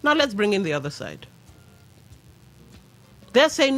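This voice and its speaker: Nigerian woman, radio host, lively swooping delivery, opinionated talk, faint music under her. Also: mid-range voice, measured pace. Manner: animated, opinionated, mixes in pidgin asides. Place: radio studio.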